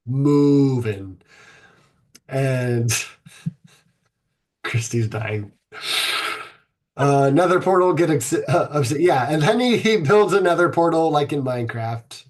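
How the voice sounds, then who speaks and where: A man hosting a podcast, retelling an old myth with crude, irreverent asides. He speaks slowly in a husky voice set a little high for a man. He rambles, restarts and fills gaps with ums. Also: expressive. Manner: rambling, irreverent, profane, many fillers. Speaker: podcast host.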